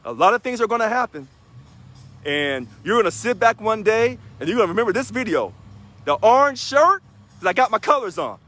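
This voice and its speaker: A union president from Missouri, his voice sitting high and brisk, gives an energetic video address to union members. He emphatically repeats key phrases.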